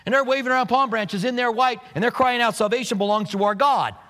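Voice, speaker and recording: Man, pastor, sermon, high voice, animated delivery, echoing church hall. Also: quick pace. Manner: animated, acts out scenes with quoted voices.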